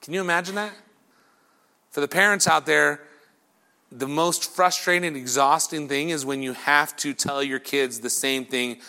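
A middle-aged man preaching a sermon, telling the story in an animated way and acting out crowd voices and whispers. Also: on the high side, a little slow, creaky. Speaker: pastor.

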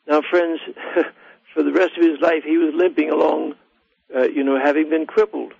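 A man's voice: fairly high pitch, steady tone, normal speed, gravelly, darkish tone, husky, no room sound. A male radio guest teaching from the Bible in an earnest, preaching way, calling listeners friends. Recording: dry, dull lo-fi line.

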